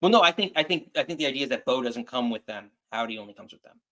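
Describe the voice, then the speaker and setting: A man hosts a laid-back wrestling chat, rambling through his points and often stopping to restart. His voice sits at an everyday, mid-range pitch. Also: lively intonation, fairly bright tone. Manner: rambling, halting, many restarts. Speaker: podcast host. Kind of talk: casual chat.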